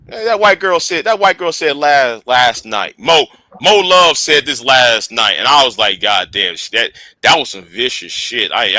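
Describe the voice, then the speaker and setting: A man hosting a casual livestream, rambling with repeated words, profanity and quiet trailing asides. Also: on the high side, no echo. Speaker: livestream host.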